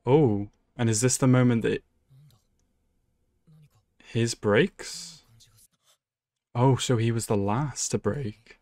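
A man's voice: medium pitch, takes it slowly, pauses often, warm tone, dry recording. A young man hosting an anime reaction video, talking casually and emotionally, swearing and laughing often. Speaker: anime reaction channel host.

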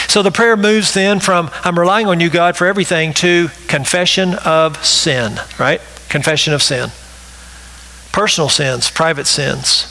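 A man's voice: a little high, moderate pace, bright, forceful tone, low-quality recording. A male pastor delivering a sermon, emphatic and repetitive, often checking in with the congregation with a rhetorical "right?".

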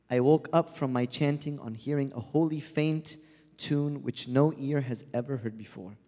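A man's voice: medium pitch, normal speed, warm tone. A man earnestly reading a first-person devotional story aloud. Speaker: reader. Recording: long hall reverb.

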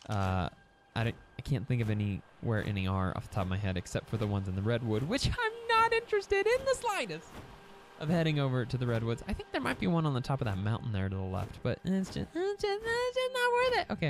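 Animated man rambling over gameplay. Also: medium pitch. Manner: chatty, animated, prone to excited yelps and stammered restarts. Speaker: gaming channel host. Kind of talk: casual gameplay commentary. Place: home recording setup.

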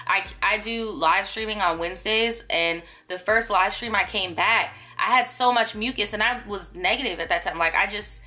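Woman, young adult, slightly raspy, bright forceful voice, slangy storytime vlog narration. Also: mid-range voice, normal speed, few pauses. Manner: casual, slangy and profane. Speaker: vlogger.

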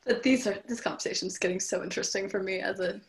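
A woman's voice: medium pitch, steady tone, fast. A woman co-hosting a podcast, chatting casually and eagerly, laughing often. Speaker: podcast co-host. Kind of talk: casual interview chat.

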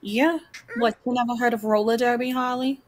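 Irritated cosplayer woman, slightly high voice, blunt, video call. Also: fairly even intonation, moderate pace.

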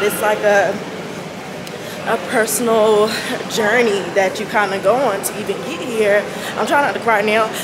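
A young woman vlogging to camera while traveling, emotional and laughing often. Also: a little high. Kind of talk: casual vlog to camera. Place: airport and car, on the move. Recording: loud ambient noise. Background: loud travel ambience.

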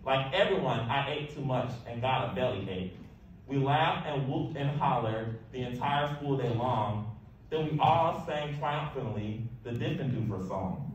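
A man's voice: measured pace, recorded from a distance, dull audio. Man reading rhymes in an echoey room. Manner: lively, sing-song delivery with big pitch jumps. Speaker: storybook reader. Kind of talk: rhyming picture-book read-aloud. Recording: echoey room, voice off-mic, faint hiss.

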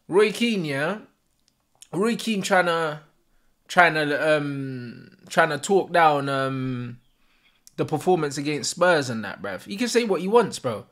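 Young london lad ranting live at the footy, voice swoops all over, bright and sharp, loads of slang and swearing. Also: male voice, a little high. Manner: excitable, slang-heavy, swearing, yelling at plays. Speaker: fan streamer. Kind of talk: live match reaction.

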